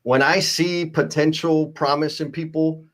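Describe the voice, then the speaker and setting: Co-hosting a live stream, a man talks casually in a slightly high, unhurried voice, reading viewer comments aloud and poking fun at himself. He comes across as animated, playful and self-mocking.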